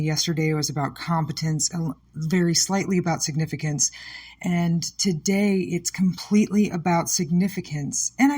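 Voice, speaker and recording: Her voice is fairly low and dark-toned. On her own podcast, this woman comedian delivers an upset, candid monologue about something painful, emotional and scattered, occasionally sarcastic.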